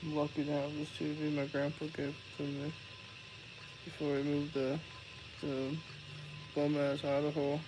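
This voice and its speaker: A man's voice: on the high side, completely flat delivery, normal speed, long pauses, background noise. A young man live-streaming, chatting casually, swearing and laughing as he rambles.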